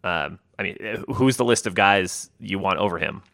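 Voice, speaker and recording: A man chatting casually about track results as co-host, halting and repeating words with lots of fillers. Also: sits low, expressive, vocal fry, fairly bright tone, no echo, clean studio sound. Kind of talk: casual sports chat.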